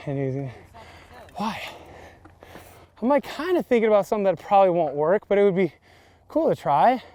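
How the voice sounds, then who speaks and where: Out at a dirt jump, a man in his thirties runs a casual bike vlog, joking, laughing a lot, and letting out hype shouts. His voice is high and sing-song, moving at a moderate pace with frequent pauses.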